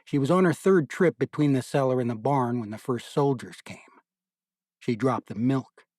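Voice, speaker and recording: A man's voice: mid-range voice, moderate pace, a little mellow, dry recording. Man narrating an audiobook, dry close mic. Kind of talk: scripted narration.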